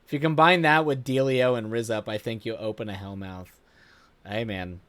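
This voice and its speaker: A man streamer reading a viewer's story aloud, with animated laughing asides and frequent self-corrections. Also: medium pitch, moderate pace, smooth, dry recording.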